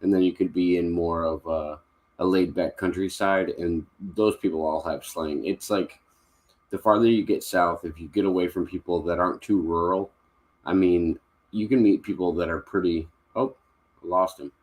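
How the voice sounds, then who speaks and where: A young man from Kentucky hosting a casual live stream from home, chatting loosely with plenty of fillers and quick laughs. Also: deep voice, steady tone, darkish tone. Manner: easygoing, rambling with frequent fillers and laughs. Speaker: livestream host.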